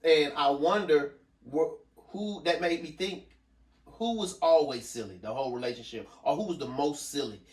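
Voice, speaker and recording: A man's voice: a little high, moderate pace. A middle-aged man hosting a podcast, asking reflective questions in an easygoing, casual way. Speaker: podcast host. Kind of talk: casual conversation. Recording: echoey room, distant mic.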